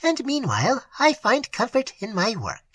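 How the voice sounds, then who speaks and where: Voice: mid-range voice, wildly swooping pitch, normal speed, fairly bright tone, no echo, voice pushed up. A narrator voicing a frightened, pious middle-aged woman, the wife of a clergyman, in a classic storybook reading. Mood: earnest.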